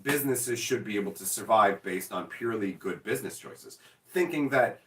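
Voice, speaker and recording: Host, male, animated storyteller with a swinging pitch, heard off-mic in a roomy space. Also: normal speed, far from the mic. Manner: animated storyteller, acts out mock dialogue, swears freely. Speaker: show host. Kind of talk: casual chat.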